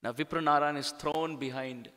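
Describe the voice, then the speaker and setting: A male preacher narrates a devotional story with dramatic flair. His voice sits slightly high for a man. A long reverb trails each phrase, as in a large hall. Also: fairly even intonation, normal speed, pushed and bright. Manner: dramatic narration with acted quotes. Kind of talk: sermon storytelling.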